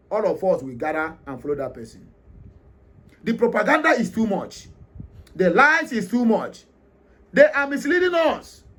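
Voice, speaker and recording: Emphatic Nigerian man, high voice. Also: a bit bright. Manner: emphatic, repetitive, frequent hesitations. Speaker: commentary host. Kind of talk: opinionated monologue commentary.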